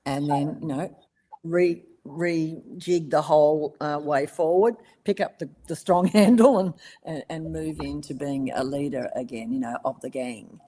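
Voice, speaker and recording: An Australian voice actress in a casual interview, telling stories with ready laughter and plenty of ums and restarts. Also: female voice, low voice, unhurried. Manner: warm storytelling, laughs easily, many ums and restarts. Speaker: voice actress guest.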